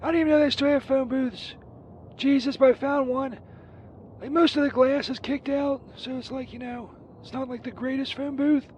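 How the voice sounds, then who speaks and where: A man's voice: very high voice, steady tone, normal speed, a little mellow, muffled recording, slight background noise. A man voicing a crude, burned-out Saint Peter who rambles profanely through a comedic voicemail. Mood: rambling. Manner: rambling, profane, distracted, lots of fillers.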